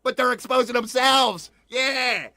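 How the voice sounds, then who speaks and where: A man hosting his own online news show, talking excitedly with lots of laughter, repeating himself and drawling out words. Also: very high voice, measured pace, dry recording. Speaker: host of an online news channel. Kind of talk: excited livestream monologue.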